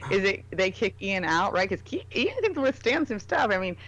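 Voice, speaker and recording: A woman's voice: mid-range voice, sing-song, normal speed, a bit bright, dull audio. A woman in casual conversation, telling stories in a loose, rambling way with many fillers. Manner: chatty storytelling with lots of fillers. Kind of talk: casual chat.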